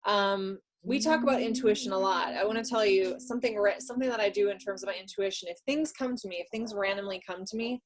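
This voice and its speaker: A woman co-hosting a casual live stream, drawing a tarot card and talking it through. She is relaxed and reflective, thinking out loud with plenty of fillers and trailing phrases. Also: mid-range voice, quick pace, hardly any pauses. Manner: warm, reflective, talks through ideas with fillers. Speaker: co-host and card reader.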